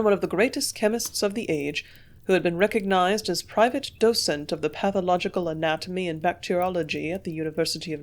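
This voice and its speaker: A woman narrating an audiobook in a measured, clear storytelling manner. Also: fairly low pitch. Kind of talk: audiobook reading.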